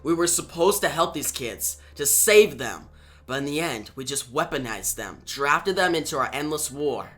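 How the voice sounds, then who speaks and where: A man's voice: sing-song, normal speed, a bit bright, soft background music. A man doing a weary superhero veteran. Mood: subdued. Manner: subdued, low-key.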